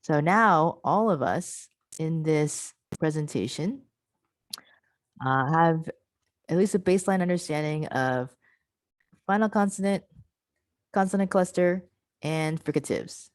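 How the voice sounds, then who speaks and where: A woman's voice: deep voice, slow, pauses often, no room sound, rough recording. A woman presenting an online pronunciation workshop over a video call, patiently modelling and repeating example words and encouraging participants.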